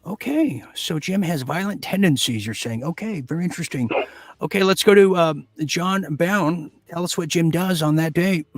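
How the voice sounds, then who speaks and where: A man hosting a mock quiz show, joking in a hammy, deadpan way with lots of fillers and pauses. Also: on the high side, no room sound. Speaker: game show host.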